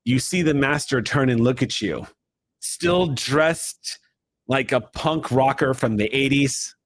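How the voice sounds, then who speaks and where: A man's voice: mid-range voice, slow, a little hiss or hum. A man as game master, giving dramatic second-person narration for a tabletop role-play, shifting his pace from swift to drawn out.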